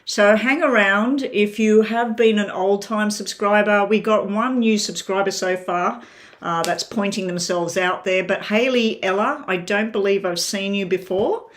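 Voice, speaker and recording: A woman's voice: mid-range voice, unhurried. A woman reading tarot on a live stream, chatting loosely to her viewers and talking while she eats. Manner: rambling, chatty, talks while eating. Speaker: tarot reader. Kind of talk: casual livestream chat to viewers.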